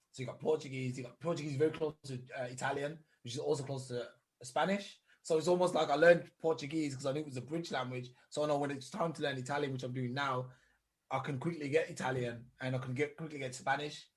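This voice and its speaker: A man's voice: medium pitch, steady tone, brisk. A man co-hosting a podcast in casual chat, who explains at length and tries out foreign phrases. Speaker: podcast co-host.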